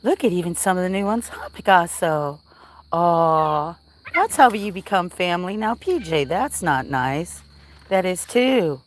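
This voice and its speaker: A woman with a Southern US accent talks in an unhurried, drawn-out way, cooing to a crowd of cats and tossing chatty asides to her livestream viewers. She holds a phone as she wanders outdoors on a farm at dusk, with crickets and insects faint in the background. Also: lowish voice, expressive, a little hiss or hum. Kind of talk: casual live chat with cats and viewers. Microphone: handheld phone while walking.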